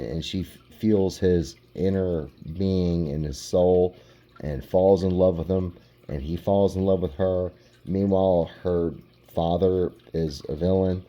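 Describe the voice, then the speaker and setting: A man hosting a casual collection vlog, relaxed and rambling, with lots of "like". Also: low-pitched. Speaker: comic book collector.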